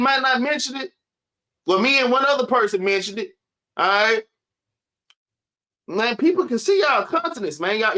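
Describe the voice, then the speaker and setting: A man delivers a casual sermon in a high, bright voice, tagging his phrases with "man". He slows right down to read scripture aloud and sounds a little out of breath. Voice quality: casual preaching, repeats "man" at line ends. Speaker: teacher.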